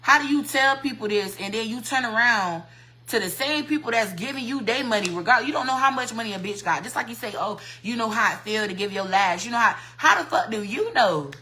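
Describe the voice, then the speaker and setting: Woman, livestream rant, fiery and foul-mouthed, repetitive, tense bright voice. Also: on the high side, expressive, fairly quick, poor audio. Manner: heated, profane, repetitive ranting. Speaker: hairstylist on a livestream.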